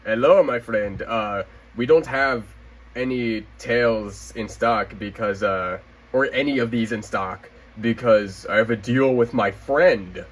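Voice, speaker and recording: A man voicing an overly polite overseas toy seller in a vague made-up accent, speaking slowly and courteously. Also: medium pitch, slight background noise, natural voice, poor audio. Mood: mock polite. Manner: slow, courteous, apologetic phrasing.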